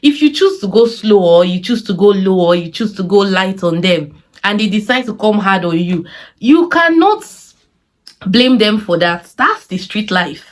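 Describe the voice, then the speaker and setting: A woman's voice: medium pitch, moderate pace. Exasperated Nigerian woman ranting. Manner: animated, exasperated rhetorical questions; mixes in Pidgin phrases. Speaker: series reviewer. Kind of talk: casual opinionated review.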